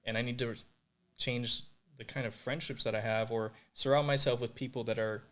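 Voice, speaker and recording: A young man tells his faith testimony on a podcast, earnest and openly emotional. He leans on filler words as he goes, speaking at an average pitch. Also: steady tone, moderate pace, a bit bright. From Puerto Rico. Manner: earnest, emotional, many fillers like "like" and "you know". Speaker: podcast guest.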